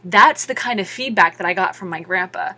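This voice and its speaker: A woman's voice: mid-range voice, a little fast, bright, forceful tone. A young woman talking casually to camera in a vlog, rambling with lots of fillers. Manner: chatty, rambling with many fillers. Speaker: vlogger.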